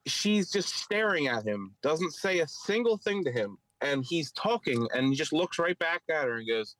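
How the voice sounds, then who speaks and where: A man with a Philadelphia accent spins a story in casual podcast chat, his voice sitting fairly high. He jumps into raised, mocking voices for the people he quotes. The sound is close and dry. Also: moderate pace, dry recording, poor audio. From Philadelphia area. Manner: animated, mimics others in raised voices. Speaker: podcast co-host, stand-up comic.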